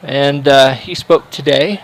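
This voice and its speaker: A man's voice: mid-range voice, fairly even intonation, slow, slight background noise, poor audio. A male sports livestream commentator making casual chat, telling a rambling story full of fillers and restarts.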